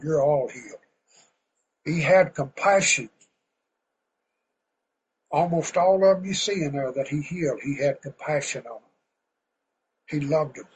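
A man preaching a sermon in a folksy, fervent way, now and then getting loud. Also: a little high, a little hiss or hum, rough recording.

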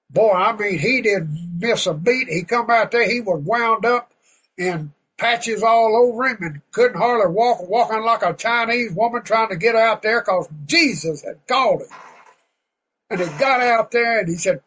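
Male preacher, high voice, folksy and fervent, bursts loud. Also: breathy edge, low-quality recording. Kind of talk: sermon.

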